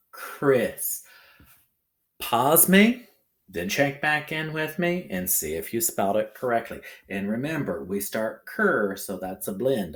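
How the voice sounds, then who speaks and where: A man teaching a recorded phonics lesson to children, talking in a slow, sing-song way and checking in often with the listener. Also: lowish voice, a bit bright. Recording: echoey room.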